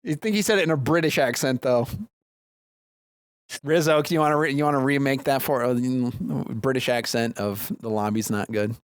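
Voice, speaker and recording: A man hosting a live esports tournament, animated and quick to laugh as he chats with his co-caster. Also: mid-range voice, clear, resonant tone, dry recording. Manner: animated, laughs easily, excitable. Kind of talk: live esports commentary and banter.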